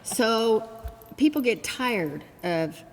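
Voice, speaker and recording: An older woman, a former state legislator, telling a story in a brisk, matter-of-fact way. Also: fairly high pitch, lively intonation, long reverb tail, slight background noise. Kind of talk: oral history reminiscing.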